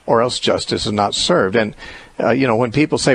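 A man hosting a call-in radio show, explaining Bible teaching in a measured, reasoning way with occasional restarts. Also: medium pitch, animated, vocal fry, slight background noise. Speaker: radio host answering callers.

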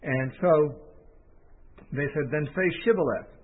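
A man's voice: medium pitch, normal speed, slightly rough. A man teaching a Bible passage off the cuff, thinking aloud with restarts and fillers. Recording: tinny phone-line audio.

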